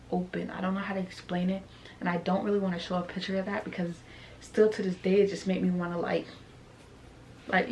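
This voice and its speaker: A woman's voice: medium pitch, vocal fry, a little hiss or hum. Chatty young woman telling a storytime. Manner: chatty and animated, heavy on fillers like "like" and "you know what I'm saying". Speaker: vlogger. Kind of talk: casual storytime.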